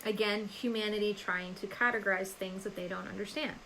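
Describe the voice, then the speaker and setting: A woman's voice: medium pitch, fairly even intonation, fairly quick, a bit bright, a little hiss or hum, low-quality recording. A woman hosting a live stream as a psychic medium, chatting casually, laughing often and answering viewers by name.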